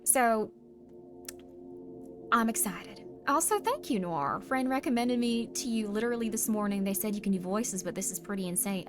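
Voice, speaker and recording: A woman's voice: mid-range voice, lively intonation, normal speed. A woman streamer chatting casually with her audience in a rambling, playful, self-deprecating way. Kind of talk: casual livestream chat, reading chat messages. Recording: stream mix with music playing under the voice. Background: background music.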